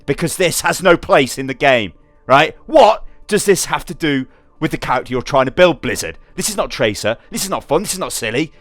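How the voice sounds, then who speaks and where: Young male gaming commentator, sarcastic and exasperated, very animated pitch, dry close mic with faint music underneath. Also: brisk, no room sound. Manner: exasperated, sarcastic, swears freely. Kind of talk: ranting gameplay commentary.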